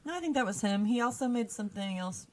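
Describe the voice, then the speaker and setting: A woman's voice: mid-range voice, animated, fast, a loud crowd, low-quality recording. A woman co-hosting a podcast, retelling a fairy tale casually with jokes and swearing. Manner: irreverent, joking, swears freely. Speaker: podcast co-host and storyteller.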